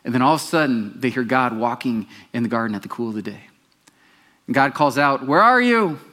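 A man preaches to his congregation, retelling a Bible story with animation. He stops to put questions to his listeners and speeds up or slows down as the story goes. His voice sits at an ordinary middle pitch. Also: a bit bright. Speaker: pastor. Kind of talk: sermon.

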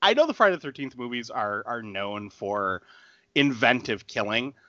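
Animated man recapping a horror movie. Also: mid-range voice, normal speed, dry recording, dull audio. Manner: animated, laughing, acts out characters' lines. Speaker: podcast co-host. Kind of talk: casual movie recap chat.

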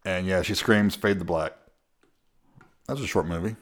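Deep-voiced male podcast co-host, laid-back movie recap, easy chuckles. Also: normal speed. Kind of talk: casual film recap chat.

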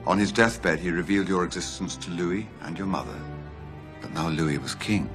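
An actor playing an aging priest and former swordsman, making a solemn, measured confession in a film clip with a loud score behind him. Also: sits low, natural voice. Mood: grave, remorseful. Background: loud orchestral film music.

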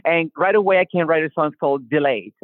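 Animated man with a Spanish accent. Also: fairly high pitch, fast talker, no room sound. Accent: Latin American Spanish. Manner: animated, restarts often, acts out quotes. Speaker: singer-songwriter guest. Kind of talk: casual interview talk. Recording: tinny phone-line call.

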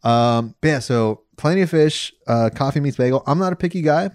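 A man co-hosting a podcast, trading crude jokes in loose conversation. His pitch swings widely as he talks, and he laughs often. The sound is dry and close. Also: lively intonation, fairly quick, darkish tone, no room sound. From part Nicaraguan. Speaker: podcast co-host. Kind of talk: casual comedic chat.

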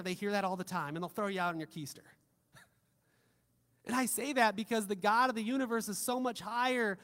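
A man preaching a sermon in a fairly high voice, his delivery swinging from loud emphatic lines to quiet, soft ones. He drops casual joking asides like a pastor talking to his own congregation. The sound carries the long reverb of a big hall.

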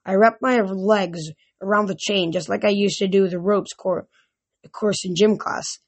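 A woman reading a novel aloud, often tripping over words and restarting, with louder shouted lines. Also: medium pitch, fairly even intonation, unhurried. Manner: reads aloud with frequent slips and restarts. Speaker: reader. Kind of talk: amateur audiobook reading.

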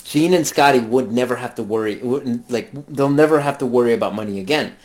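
A man's voice: medium pitch, a little fast. A man in casual conversation about a film, swearing freely and acting out lines from characters. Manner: profane, animated, quotes characters in put-on voices. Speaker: podcast co-host.

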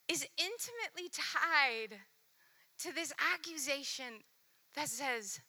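Slow, bright-voiced woman preaching. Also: high voice. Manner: earnest, intimate, dropping to soft near-whispers when reading scripture. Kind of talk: sermon.

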